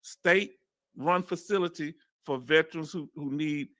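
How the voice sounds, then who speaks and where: A man's voice: a little high, unhurried, fairly bright tone, dry recording, studio quality. A man from Houston with a Southern Texas accent, hosting a casual online chat and reading comments aloud to viewers. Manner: folksy, reads comments aloud and chats directly to viewers. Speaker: host.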